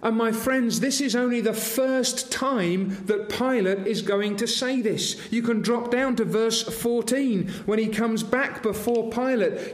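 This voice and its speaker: A man's voice: extremely high pitch, measured pace, few pauses. A man preaching a sermon, earnest and asking his congregation rhetorical questions. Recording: roomy echoing hall.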